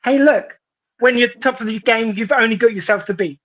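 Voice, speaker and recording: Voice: mid-range voice, fairly quick, a bit bright, highs cut off. A host with a southern English accent in casual chat, reading out viewer messages with a wry, teasing manner. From southern England. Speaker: podcast host.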